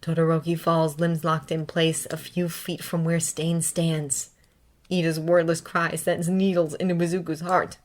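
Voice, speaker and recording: A woman narrating a fanfiction story in an expressive, dramatic reading. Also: deep voice, measured pace. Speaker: fanfiction reader. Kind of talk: audiobook narration.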